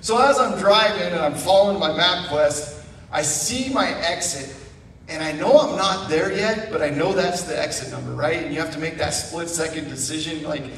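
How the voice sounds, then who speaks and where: A man's voice: fairly high pitch, moderate pace, echoey room, in a large hall, far from the mic. A man from Idaho, a guest speaker, telling a funny personal story to a church congregation and acting out the voices in it. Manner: animated, self-mocking storyteller acting out quotes. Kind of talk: storytelling sermon. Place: church sanctuary.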